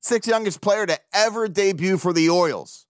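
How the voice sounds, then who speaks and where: A man rambles through his solo sports podcast, swearing freely and laughing as he goes. His voice sits a little high for a man and the sound is dry and close. He talks loosely and animatedly. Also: normal speed, no room sound. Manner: profane, animated, laughs often. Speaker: podcast host. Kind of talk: casual solo podcast talk.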